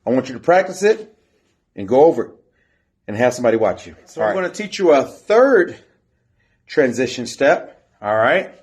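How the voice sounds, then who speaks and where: A man's voice: mid-range voice, sing-song, fairly quick. A man coaching a step team in an instructional video, counting and chanting the beat while he demonstrates. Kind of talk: instructional video teaching drills.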